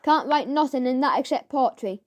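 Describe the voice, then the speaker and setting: A woman's voice: sits high, normal speed, lightly acted. A woman reading a children's audiobook, voicing an eager, slangy working-class boy who runs his words together.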